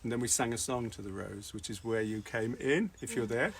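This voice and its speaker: A man leads a gathering in a roundhouse and talks casually to people watching from afar. He is chatty and laughs readily, often restarting mid-sentence, at an everyday pitch, with faint noise in the background. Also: a little fast. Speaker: gathering leader. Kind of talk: casual address to an online audience. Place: roundhouse with thirty or forty people.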